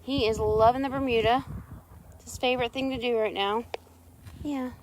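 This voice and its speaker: A woman's voice: on the high side, steady tone, moderate pace, a little hiss or hum. A woman chatting casually on a live stream outdoors on her ranch, talking sweetly to her animals.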